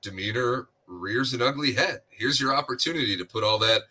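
A man co-hosting a sports podcast, breaking down the game in a measured way with dry humor. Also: medium pitch, bright, forceful tone. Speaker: podcast co-host. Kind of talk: casual sports podcast analysis.

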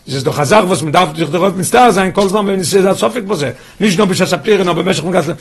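A man's voice: high voice, very fast, hardly any pauses, slightly rough. A man teaching a Torah study class, often asking the students questions and restarting his phrases.

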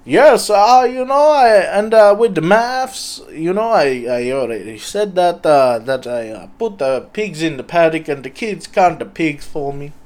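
A man voicing a simple-minded male pig farmer who speaks halting broken English with many fillers. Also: fairly high pitch, animated, darkish tone. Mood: rambling. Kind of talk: improvised comedy character.

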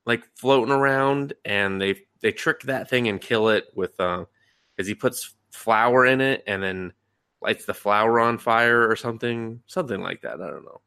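A young man co-hosting a podcast recaps an anime casually, swearing a lot and acting out reactions in different voices with plenty of animation. His mid-range voice has a clean tone at normal speed, in clean studio sound with no echo.

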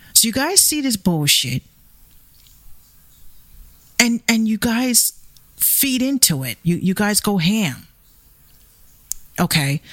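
A woman's voice: mid-range voice, fairly bright tone, no room sound. A woman with a Bronx accent hosting her show, ranting with heated, profane, confrontational energy. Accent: Bronx New York. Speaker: show host. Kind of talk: ranting commentary vlog.

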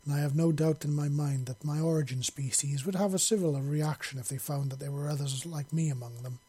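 A man reading an audiobook, voicing a steady male clan patriarch who speaks in a measured, persuasive way. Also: a little high, slightly rough.

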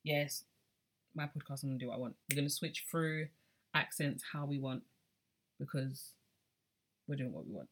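A woman's voice: very deep voice, expressive, moderate pace, pauses often. A young adult woman hosting a casual music podcast, chatty and drifting between accents. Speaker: podcast host.

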